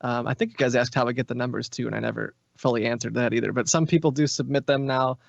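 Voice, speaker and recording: A man guesting on a podcast walks through long anecdotes in an even, mid-pitched voice. The sound is dry and close, with a slightly dull, muffled top end. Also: quick pace, gravelly, no echo. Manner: explains at length in long stories. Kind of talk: casual podcast chat.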